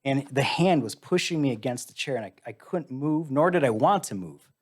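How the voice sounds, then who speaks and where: A man's voice: medium pitch, lively intonation, moderate pace, husky. A middle-aged man from the United States, a musician guest telling a personal story in a live interview, candid and wry, acting out the voices he quotes.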